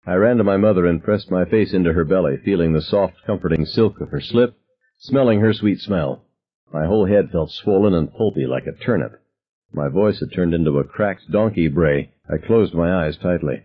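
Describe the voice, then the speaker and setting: A man with a low, husky voice narrates an audiobook in the first person. His telling is wry and reflective. The recording sounds dull and lo-fi. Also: moderate pace.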